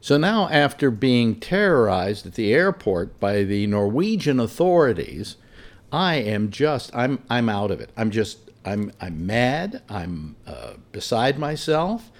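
Guy telling a wild story, pitch jumping all over, exasperated and rambling. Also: takes it slowly. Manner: animated, exasperated, many restarts. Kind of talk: casual anecdote told aloud.

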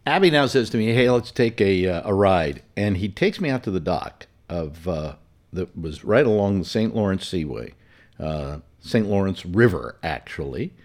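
Rambling casually through a personal story, this man keeps correcting himself and leaning on fillers. He speaks at a normal speed in a low voice that's very animated.

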